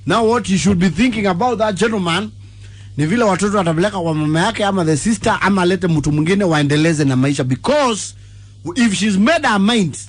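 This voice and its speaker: A Kenyan man co-hosting a radio show, speaking emphatically in lively banter. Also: high voice, brisk. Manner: emphatic, mixes English and Swahili. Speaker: radio co-host.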